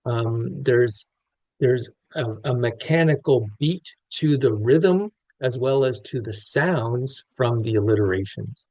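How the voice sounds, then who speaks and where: A man's voice: mid-range voice, takes it slowly, a little mellow, no echo, poor audio. A man lecturing on a poem, thinking aloud with frequent restarts and fillers. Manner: thoughtful, many restarts and fillers. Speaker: literature lecturer. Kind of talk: close-reading lecture.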